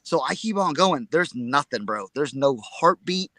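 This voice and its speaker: A man co-hosting a casual live chat, telling a story in an excitable, rambling way and repeating his words. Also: a little high, measured pace, no room sound. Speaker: reseller show co-host.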